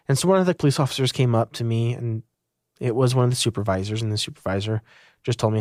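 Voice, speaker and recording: A man's voice: medium pitch, fast talker, a little mellow, dry recording, clean studio sound. A young man from Utah earnestly recounting his own story in an interview. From Utah, United States. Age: young adult.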